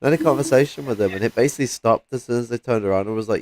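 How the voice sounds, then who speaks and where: A man's voice: medium pitch, very fast, hardly any pauses, a little mellow, no room sound. A man chatting casually about politics, telling a story in a laid-back way.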